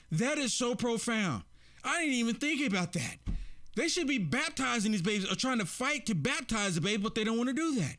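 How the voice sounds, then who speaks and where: High-voiced, emphatic male commentator. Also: sing-song, a little fast, fairly bright tone. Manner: emphatic, repeats rhetorical questions to viewers. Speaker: political commentary host. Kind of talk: opinion commentary reacting to clips.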